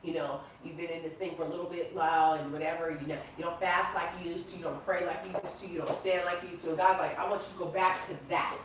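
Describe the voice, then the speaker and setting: A woman preaching casually from the Bible to a small group, animated and playful, teasing listeners by name with laughter. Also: on the low side, fast, hardly any pauses, noisy background. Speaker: prophetess teaching a class. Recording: echoey room recorded from far off.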